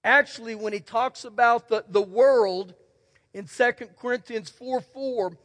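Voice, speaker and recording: The pastor's voice is very high-pitched and a bit bright, and he takes an unhurried pace. Standing in a church sanctuary with long reverb, he preaches in a folksy, emphatic way, telling stories and repeating key words.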